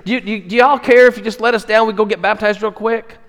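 A preacher voicing a flustered thief. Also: male voice, sits high, fairly even intonation, quick pace, creaky, fairly bright tone, pitched above the performer's own voice. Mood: pleading. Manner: pleading, flustered, stammering. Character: bewildered newly saved male thief, plain-spoken. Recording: echoey hall reverb.

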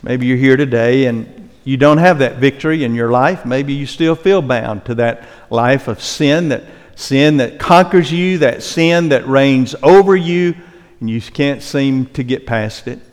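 An older male pastor preaching a sermon earnestly, slowing down for emphasis and dropping softly into prayer. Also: medium pitch, clear, resonant tone. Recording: long hall reverb.

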